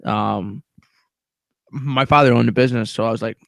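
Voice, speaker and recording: A man's voice: medium pitch, normal speed, vocal fry, a bit bright, no echo. A man in casual podcast chat, laid-back and swearing a lot.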